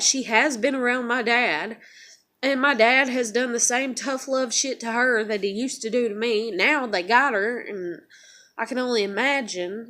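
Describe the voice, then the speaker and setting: Profane, fired-up woman vlogger. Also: fairly high pitch. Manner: heated, profane venting; emotional, wavers between quiet and loud. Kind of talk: casual confessional vlog.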